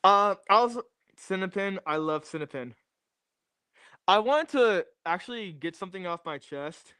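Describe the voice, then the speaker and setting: A man's voice: sits high, animated, measured pace, pushed and bright, clear, resonant tone, no echo. Rambling young male streamer, dry sound. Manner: rambling, jokey, repeats catchphrases to chat. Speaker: livestreamer. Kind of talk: casual livestream chat. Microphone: new streaming mic.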